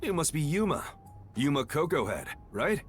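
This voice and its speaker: An actor playing an easygoing, middle-aged male detective agency director in dubbed video game dialogue, relaxed and courteous. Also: a little high, moderate pace, faint music behind. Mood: friendly.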